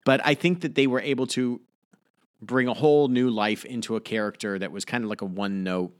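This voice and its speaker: A man's voice: mid-range voice, brisk. A man co-hosting a podcast, joking and telling stories casually. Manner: jokey, lively storytelling. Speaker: podcast co-host.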